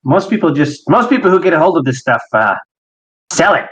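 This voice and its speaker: A man's voice: a little high, very animated, fairly quick, a bit bright, slightly rough, voice pushed up, exaggerated voice, low-quality recording. A man doing a shrewd older woman healer. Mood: wry.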